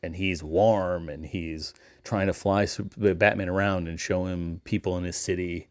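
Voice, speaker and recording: A man hosting a casual solo recommendation segment, talking in a relaxed way with frequent ums and restarts. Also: sits low, moderate pace, no echo. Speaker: host, comic book retailer.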